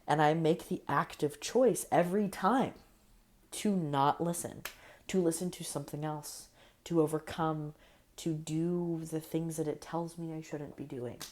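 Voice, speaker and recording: A young woman with a low, deep-set voice talks to camera in a loose, meandering vlog. She is earnest and affirming, drifting between thoughts with fillers and soft laughs. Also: fairly even intonation, unhurried. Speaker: vlogger. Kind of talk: casual reflective monologue.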